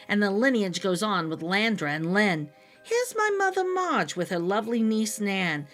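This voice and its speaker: A woman voicing a kind, lonely old woman in a read-aloud storybook, speaking gently and softly. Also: mid-range voice. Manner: gentle, soft-spoken, comforting.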